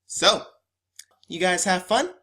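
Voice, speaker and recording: A man's voice: high-pitched, animated, takes it slowly, sharp tone, faint music behind, pitched above the performer's own voice, full character voice. A man voicing a stern, cold female school official.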